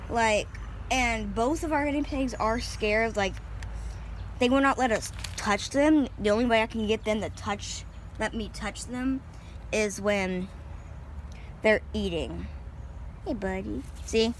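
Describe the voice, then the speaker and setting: A woman's voice: fairly high pitch, a little slow, a little hiss or hum. Chatty young woman filming her pets outdoors. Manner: chatty and informal, many fillers, sweet baby talk to pets. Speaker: vlogger showing her pet guinea pigs. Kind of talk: casual outdoor vlog narration. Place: outdoors in a backyard.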